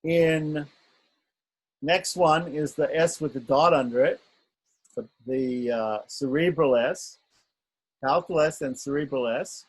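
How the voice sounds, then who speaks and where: Male teacher, slightly high and husky voice, patient, repeats sounds and checks in with "right?". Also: slow, pauses often, rough recording. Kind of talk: online script lesson.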